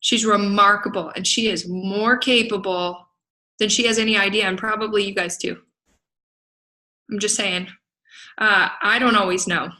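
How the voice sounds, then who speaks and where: Bright-voiced woman coaching a crowd. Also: medium pitch, fairly even intonation, normal speed, pauses often, rough recording. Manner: emphatic, laughs often, rhetorical "right?". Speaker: business coach. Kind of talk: motivational talk to a group. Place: event venue in Las Vegas.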